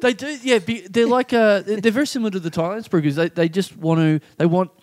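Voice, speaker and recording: A man's voice: high voice, no echo, clean studio sound. An Australian man co-hosting a podcast, joking animatedly and swearing in casual banter. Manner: animated, quick jokes, swearing. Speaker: podcast co-host.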